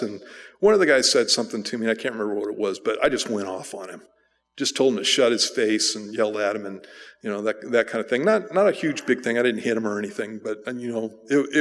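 A male pastor preaching, telling a personal story in a relaxed, conversational way with fillers and restarts. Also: medium pitch. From United States. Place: church sanctuary. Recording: church sanctuary reverb.

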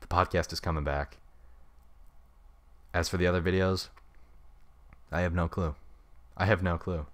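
Young male solo podcaster, deep, fast, casual rambler, dead-dry home mic. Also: a bit bright, no echo. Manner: rambling, laid-back slang. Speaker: podcast host. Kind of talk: unscripted solo podcast chat. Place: home room. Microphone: studio mic with pop filter.

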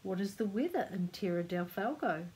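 An older woman voicing a bold, sharp-tongued old pirate mother in a read-aloud storybook. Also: mid-range voice, lively intonation, moderate pace, lightly acted, low-quality recording.

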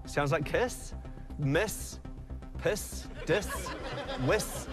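A man with a New Zealand accent giving charades clues deliberately, sounding out rhymes one by one. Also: on the high side, music in the background, crowd noise. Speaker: game show contestant.

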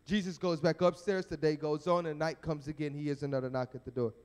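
A male evangelist preaching at a youth rally, telling a story in an animated, dramatic way. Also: on the high side, fast, smooth. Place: church sanctuary. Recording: echoey church sanctuary.

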